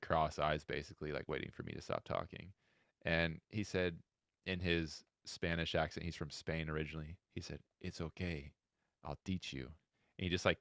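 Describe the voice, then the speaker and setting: A man's voice: no room sound, clean studio sound. A man in his thirties from Florida, a coach telling stories as a podcast guest and acting out quoted dialogue. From Florida, USA. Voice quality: very deep, smooth voice. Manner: animated storytelling, acts out quoted dialogue. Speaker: guest, wheelchair handball head coach. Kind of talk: podcast interview storytelling.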